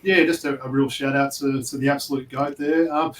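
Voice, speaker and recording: A man co-hosting a casual sports chat, quick and chatty, full of mate and yeah. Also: medium pitch, steady tone, a bit bright. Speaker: podcast co-host. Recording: echoey room, distant mic, faint hiss.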